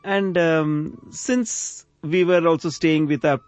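A man's voice: on the high side, takes it slowly, dry recording. A man reminiscing in casual conversation, thoughtful and hesitant with fillers. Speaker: conversation partner.

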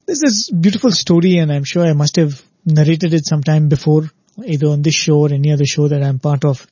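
A man's voice: a little high, fast, warm tone, breathy edge, no room sound, dull audio. A man giving a spiritual talk who tells a parable earnestly and keeps checking in with the listener. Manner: earnest, repeats "very, very" and asks "right?". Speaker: spiritual speaker.

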